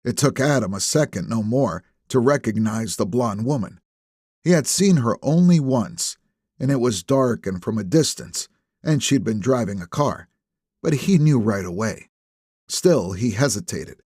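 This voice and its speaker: A man reading a crime novel aloud as an audiobook narrator, in steady, measured storytelling. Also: mid-range voice, breathy edge, no room sound, clean studio sound. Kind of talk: scripted narration.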